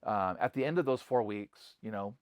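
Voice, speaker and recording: A man's voice: fairly low pitch, animated, moderate pace, no room sound, clean studio sound. A middle-aged man, a pastor, talking casually to camera in a loose, conversational way full of "like" and "you know," earnest about passion and conviction. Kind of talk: casual spoken reflection to camera.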